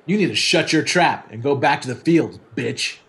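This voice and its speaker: An actor playing a hostile, hot-headed male traveler who bursts out in abusive shouts. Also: mid-range voice, animated, normal speed.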